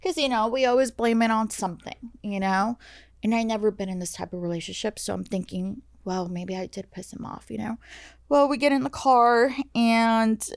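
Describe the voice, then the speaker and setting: A young woman telling a painful personal story on a podcast, halting and full of fillers and restarts. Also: a little high, fairly even intonation, creaky, no echo, clean studio sound. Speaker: guest sharing her story. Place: podcast studio.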